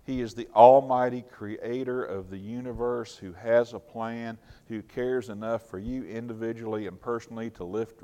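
A man preaching a sermon with earnest emphasis, swinging between loud and soft and chatting in asides. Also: medium pitch.

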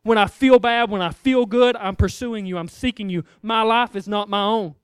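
A man's voice: high voice, steady tone, moderate pace, clear, resonant tone, no echo, studio quality. A man preaching a sermon, emphatic and repetitive, acting out little voices as he goes.

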